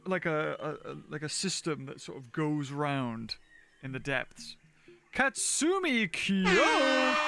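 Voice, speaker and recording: This male game streamer has a voice on the high side and a bit bright. In casual livestream gameplay commentary, he reasons out loud, laughs a lot and speaks to his chat.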